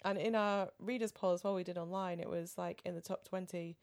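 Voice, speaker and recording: A woman co-hosting a studio podcast in casual chat, thoughtful and rambling, often trailing off softly. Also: lowish voice, fairly even intonation, fairly quick. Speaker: podcast co-host. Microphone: studio microphone.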